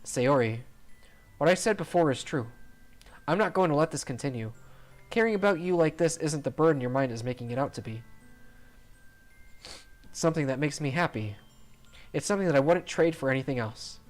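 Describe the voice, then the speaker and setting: A streamer reading a visual novel aloud, narrating the story and speaking the lead's lines in an earnest, steady voice. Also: medium pitch, fairly quick, pauses often, faint music behind.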